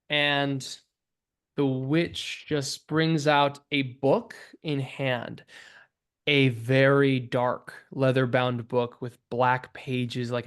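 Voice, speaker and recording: A man narrating as game master of a tabletop game, halting and full of fillers. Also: medium pitch, clear, resonant tone. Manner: halting, many fillers and restarts.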